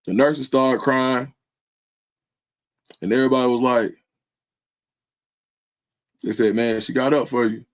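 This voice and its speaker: A man hosting his own livestream, speaking in an earnest, loose way with lots of slang fillers. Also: mid-range voice. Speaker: livestream host. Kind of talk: casual heartfelt livestream talk.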